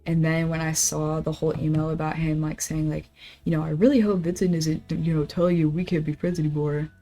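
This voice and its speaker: Speaking fairly quickly in a low voice, a young woman on a study stream chats casually and swears freely. She tells an animated story and reads messages and emails aloud while soft guitar game music plays faintly in the background.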